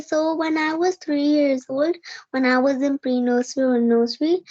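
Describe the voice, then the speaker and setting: A young woman with a high voice tells a personal story fluently. The call audio is dry and slightly muffled. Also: a little mellow, no echo. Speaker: conversation partner. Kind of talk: online English practice conversation.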